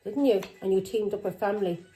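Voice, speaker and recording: Woman tarot reader. Mellow voice, accusing and confrontational, punctuates with "Yeah?" over faint music. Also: mid-range voice, brisk, poor audio. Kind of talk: tarot reading monologue.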